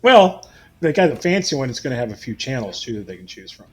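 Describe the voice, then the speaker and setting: A man's voice: mid-range voice, sing-song, fast, slightly rough. An American man co-hosting a casual podcast, joking around, laughing easily and swearing casually. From United States. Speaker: podcast co-host.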